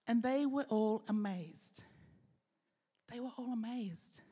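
A woman pastor giving an earnest sermon with rhetorical questions, slowing down for key phrases. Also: fairly high pitch, dark tone, breathy edge. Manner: earnest preaching, rhetorical questions, slows for emphasis. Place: church hall. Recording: long hall reverb.

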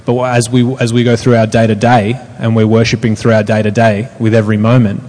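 A man hosting a church panel in casual chat, relaxed and filler-heavy, often restarting. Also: on the low side, fast talker, long reverb tail, poor audio.

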